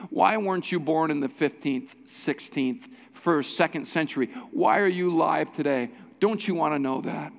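A man's voice: fairly high pitch, moderate pace, gravelly, few pauses. A male pastor preaching a sermon with urgent, exhorting repetition. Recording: long hall reverb.

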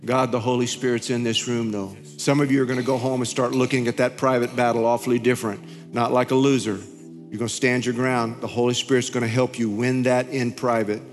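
A male pastor telling a story in his sermon, animated, his voice climbing high when he gets excited. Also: brisk. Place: large church hall. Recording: hall reverb with faint music.

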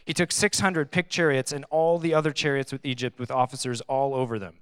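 A young man giving a casual, conversational sermon, reading scripture and adding animated, sarcastic asides. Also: mid-range voice, brisk, clear, resonant tone, no room sound, clean studio sound. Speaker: pastor.

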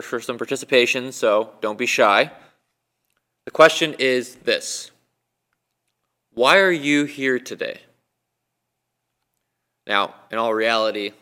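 A man's voice: mid-range voice, pushed and bright, clear, resonant tone. A man preaching a sermon in a conversational way, asking his listeners a string of questions. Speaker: guest preacher. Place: church, recorded for online viewing.

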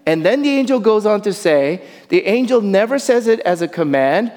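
Here is an animated sermon from a male pastor whose voice sits high, recorded in a sanctuary with lengthy church reverberation. He moves between spirited preaching and slower, gentle stress on key points.

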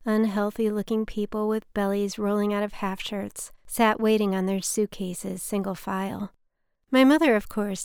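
A woman's voice: medium pitch, vocal fry, a little mellow, smooth, no echo. A woman narrating her own scripted personal story in a dry, wry, reflective way.

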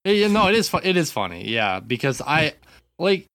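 A man's voice: on the high side, big pitch swings, moderate pace, fairly bright tone, dry recording. A man co-hosting a casual podcast, rambling through his opinions with many restarts. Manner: rambling, full of fillers and restarts. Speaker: podcast co-host. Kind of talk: casual chat.

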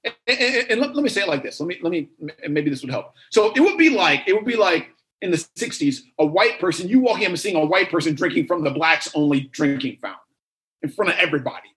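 High-voiced man preaching with animated repetition. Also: fast talker, poor audio. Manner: animated storytelling with repeated phrases. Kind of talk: sermon.

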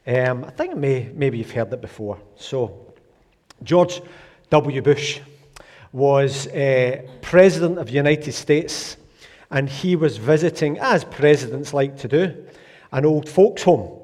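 A man preaches a relaxed, chatty sermon in a church, stumbling and restarting now and then as he talks. His voice sits at a middle pitch. It carries with a long reverb through the church hall. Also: slow pace. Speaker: pastor.

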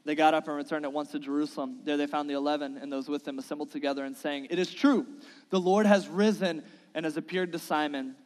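A man preaching a sermon with an earnest, pleading delivery that builds into impassioned appeals. His voice sits a little high for a man. A long reverb from a large church hall trails after every phrase. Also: fairly even intonation, quick pace. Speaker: pastor. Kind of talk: sermon with scripture reading. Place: church sanctuary.

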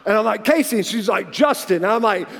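A man in his forties, a pastor preaching a sermon, telling a personal story in an animated way and acting out the dialogue. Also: sits high, quick pace, vocal fry. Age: 40s. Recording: long reverb of a large hall.

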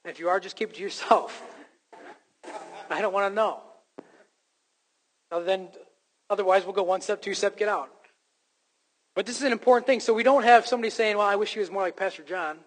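Man, pastor preaching a sermon, emphatic with wry self-deprecating asides, fairly high voice, long church reverb. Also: fairly quick, pauses often. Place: church sanctuary.

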